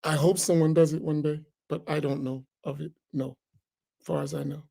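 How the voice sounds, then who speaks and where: A man's voice: fairly high pitch, little pitch movement, normal speed, creaky, dark tone. A man, an imam, teaching a religious class in a heated, sarcastic way full of rhetorical questions. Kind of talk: heated religious lesson, argumentative.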